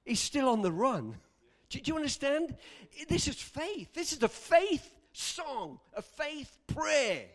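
A man preaching a sermon, animated and bursting into shouts at moments of emphasis. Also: very high-pitched, slow.

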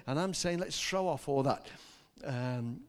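An older man preaching a sermon, telling stories and rising to loud, emphatic peaks. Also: fairly high pitch, a little slow. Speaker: pastor.

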